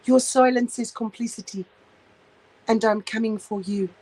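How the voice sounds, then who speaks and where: A woman's voice: fairly high pitch, steady tone, normal speed, darkish tone, close to an everyday voice, poor audio. A woman mimicking a prim, preachy woman who lectures people in a mock-pompous, finger-wagging way. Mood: mock-stern.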